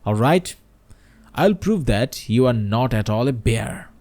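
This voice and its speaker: A man's voice: medium pitch, expressive, slow pace, a little mellow. A man with a Bangladeshi accent voicing a pompous, stubborn factory president who scolds intensely, in a storybook reading. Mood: scolding.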